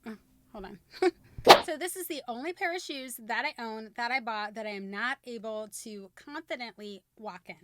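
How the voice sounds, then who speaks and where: A woman vlogging on camera, chirpy on her intros and muttering softly to herself between retakes. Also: a little high, moderate pace, background noise. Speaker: beauty and fashion vlogger. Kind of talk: casual on-camera vlog with retakes.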